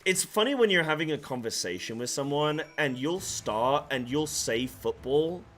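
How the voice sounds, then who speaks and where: His voice sits a little high, with lively intonation, a fairly bright tone and a moderate pace, plus a slight hiss or hum. He's a man of mixed English and American background whose accent shifts as he chats loosely with his live chat during a game stream, full of restarts.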